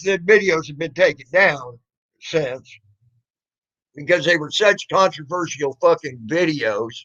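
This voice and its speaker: A man's voice: fairly high pitch, a bit bright, highs cut off. A man ranting on a casual stream, mocking and sarcastic, swearing and laughing often. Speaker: streamer responding to trolls.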